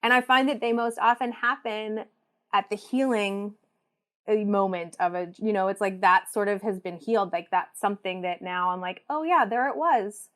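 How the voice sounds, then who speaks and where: Female podcast guest, mid-pitched, reflective and loosely spoken storyteller. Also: steady tone, moderate pace, a bit bright. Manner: reflective storytelling, frequent "like" fillers. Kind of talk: casual conversation.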